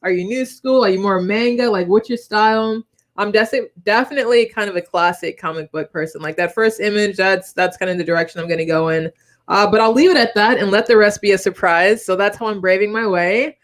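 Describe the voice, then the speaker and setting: A woman's voice: mid-range voice, fairly quick. A woman co-hosting a live online chat show, bubbly and chatty. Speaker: co-host.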